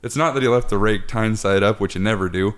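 A man's voice: lowish voice, fast talker. A man hosting a podcast with his father, telling family stories with lots of swearing and laughter. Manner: profane, laughing storyteller. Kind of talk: casual chat, family storytelling.

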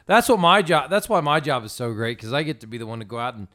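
A man's voice: mid-range voice, fast. A man chatting casually as a podcast guest, rambling and often restarting his sentences. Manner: rambling, self-interrupting, animated. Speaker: podcast guest, donut shop owner. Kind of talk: casual chat.

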